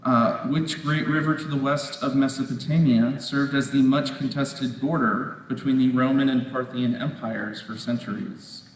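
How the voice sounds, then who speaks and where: A man moderating a quiz competition, reading questions aloud in a measured way, repeating them and ruling on each answer. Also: mid-range voice, steady tone. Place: large indoor competition hall. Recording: echoey hall from far off, faint noise.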